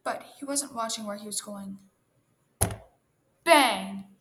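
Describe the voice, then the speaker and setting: A woman reading a children's story aloud in a gentle, expressive manner. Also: mid-range voice, fairly quick, slight background noise.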